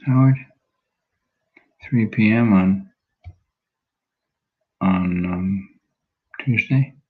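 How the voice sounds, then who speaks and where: A man leading an online class, wrapping up slowly and hesitantly, thinking aloud between words. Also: lowish voice, narrow, tinny audio. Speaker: class leader. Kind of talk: casual closing remarks on a video call.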